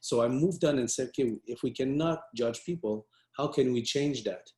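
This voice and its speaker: A man's voice: medium pitch, normal speed, darkish tone. Man, earnest motivational speaker, storytelling, restarts often, roomy echo. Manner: earnest, many restarts and fillers. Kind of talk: storytelling talk.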